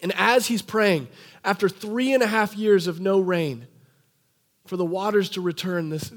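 A young man preaching a sermon, retelling a story animatedly and acting out the quoted lines in a lower voice. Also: a little slow.

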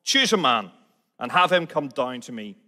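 A man with a Belfast accent reading the part of a boastful giant male warrior who taunts an army, in a loud, defiant manner. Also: mid-range voice, measured pace. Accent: Belfast, Northern Irish. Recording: long hall reverb.

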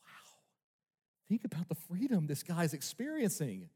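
A man's voice: a little high, huge pitch swings, a little slow, warm tone, breathy edge. A male pastor preaching a sermon with emphasis, asking his congregation rhetorical questions. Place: church sanctuary. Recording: long reverb of a large hall.

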